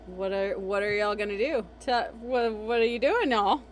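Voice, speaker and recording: A woman leads a tabletop game from a home streaming setup, her voice soft and middle-pitched. She rambles through the recap in an easy ASMR manner, padding it with little fillers. Faint room ambience sits behind her. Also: moderate pace, slight background noise. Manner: rambling, chatty, lots of fillers. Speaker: game master.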